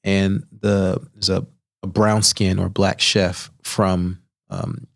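A young man, a chef, tells stories in a podcast studio in a lowish voice, with plenty of animation and a habit of acting out the people he quotes. His studio microphone keeps the sound close and clear. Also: slow. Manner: animated storyteller who acts out quoted voices. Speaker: chef guest. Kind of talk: storytelling in a podcast interview.

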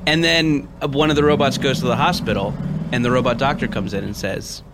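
A man guesting on a comedy podcast, excitedly spinning a wild made-up story. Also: mid-range voice, brisk, very noisy. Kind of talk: improvised comedy chat.

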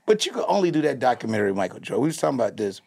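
This man has a raspy, husky voice with gravelly fry at the edges. He co-hosts a casual comedy chat, telling animated stories with big swings of pitch. He keeps breaking into laughter and mimicking people. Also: rapid-fire. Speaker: co-host.

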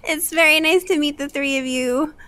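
A woman's voice: sits high, normal speed, bright, forceful tone, dry recording. A woman playing a tabletop game, earnest and a little exasperated. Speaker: player. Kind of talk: tabletop role-play.

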